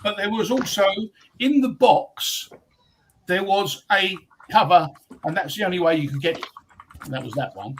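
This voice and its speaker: A man's voice: sits high, moderate pace, slight background noise, poor audio. An English man, a guest on a casual chat stream, telling stories with lots of ums and restarts. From England. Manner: rambling, hesitant storyteller with many ums.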